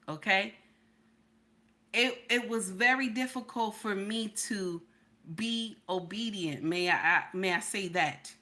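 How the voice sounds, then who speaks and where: A woman's voice: mid-range voice, bright, forceful tone. A woman hosting a casual livestream, speaking emphatically to her viewers, repeating herself and asking if they hear what she's saying. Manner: emphatic, repeats lines, talks to chat. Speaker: livestream reaction host.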